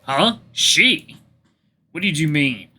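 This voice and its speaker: Flustered young guy, a man reading him, stammering, bright and a bit high. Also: lively intonation, slow pace, husky, heavily acted.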